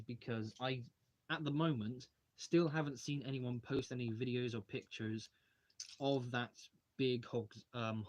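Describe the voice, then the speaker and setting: A young man hosting a casual livestream, rambling as he takes brick models apart and reads out viewer questions. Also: mid-range voice. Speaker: channel host live streaming a brick-model build. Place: home hobby room, taking models apart at a desk.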